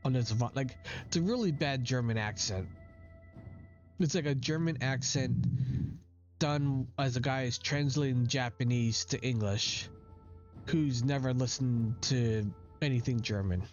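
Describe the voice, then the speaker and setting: A man's voice: medium pitch, a little slow. A man playing a video game who reads the dialogue aloud and nitpicks it in casual commentary. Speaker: gamer. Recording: dull lo-fi recording with faint game music.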